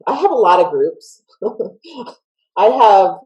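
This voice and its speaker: A woman's voice: medium pitch, big pitch swings, slow pace, dark tone, rough recording. A woman with a Southern US accent, a school counselor guest in a casual video-call interview, upbeat and emphatic, laughing often.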